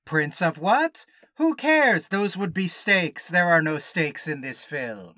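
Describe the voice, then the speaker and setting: A man's voice: on the high side, expressive, slow, bright, forceful tone, no room sound, clean studio sound, exaggerated voice. A man voicing a blandly handsome, vacant young Italian prince who dismisses everything in a jokey way. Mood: smug.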